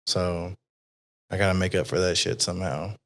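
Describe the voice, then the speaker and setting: A man's voice: sits low, fairly even intonation, moderate pace, fairly bright tone. A man hosting an interview podcast, talking casually and rambling with plenty of swearing. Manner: rambling, frequently swearing, many fillers. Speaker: podcast host. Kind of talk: casual conversational chat.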